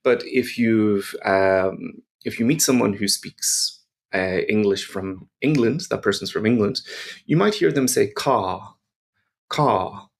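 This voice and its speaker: A low, gravelly-voiced man with an Irish accent takes a language lesson at an unhurried pace. He explains patiently and repeats example words slowly so that learners can follow. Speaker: German teacher.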